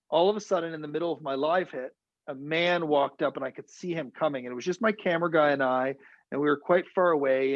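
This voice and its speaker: A man from Canada, a TV news reporter, telling vivid firsthand stories as a guest and slipping into the voices of the people he quotes. His voice sits somewhat high. The sound is dull, dry and lo-fi, like a video call. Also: no echo. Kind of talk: storytelling in a virtual talk.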